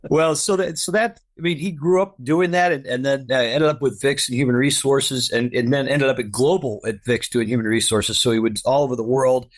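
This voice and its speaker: A man's voice: mid-range voice, steady tone, brisk, few pauses. Upbeat middle-aged man, grateful guest. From United States. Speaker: podcast guest. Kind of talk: casual conversation.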